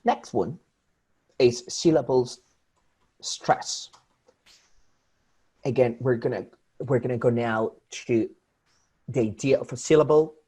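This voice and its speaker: A man speaks slowly and deliberately in a husky voice, teaching English pronunciation. He repeats example words again and again and often breaks off and restarts his phrases while he explains. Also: medium pitch, mellow. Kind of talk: online English pronunciation lesson.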